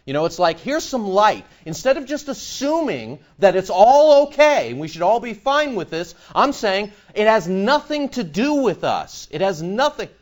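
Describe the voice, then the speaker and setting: A man preaching a sermon, animated and conversational, acting out other people's voices in his stories. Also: high-pitched, moderate pace, few pauses. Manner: animated, mimics voices in anecdotes. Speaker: pastor.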